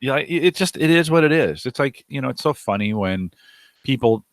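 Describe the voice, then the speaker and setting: A man chatting casually on a podcast in a relaxed, easygoing way. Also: mid-range voice, moderate pace, dry recording, clean studio sound. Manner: relaxed, easygoing, repeats himself. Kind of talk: casual chat.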